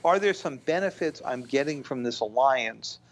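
A man speaking as a guest in a podcast discussion, measured and thoughtful, with frequent "you know" fillers. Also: mid-range voice, expressive. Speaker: guest foreign-policy analyst.

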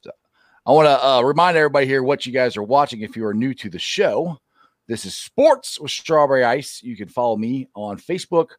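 A man hosting a casual sports talk show, animated and quick to laugh at himself. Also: mid-range voice, no echo, clean studio sound. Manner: animated, laughs often, self-deprecating.

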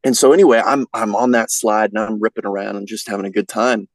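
A man's voice: on the low side, steady tone, fast talker, no room sound, rough recording. A man guesting on a podcast, telling a folksy, rambling story in casual chat with lots of fillers.

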